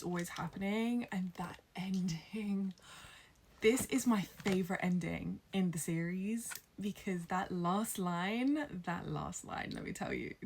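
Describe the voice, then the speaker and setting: Excitable, gushing tired woman. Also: medium pitch. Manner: excitable, gushing, drops to whispers for emphasis. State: tired after hours of reading. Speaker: book vlogger. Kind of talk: casual reading vlog chat.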